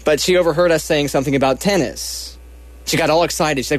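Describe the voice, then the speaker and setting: Young man telling a lively anecdote. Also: fairly high pitch, fast talker, dry recording. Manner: animated, self-mocking, acts out quoted lines.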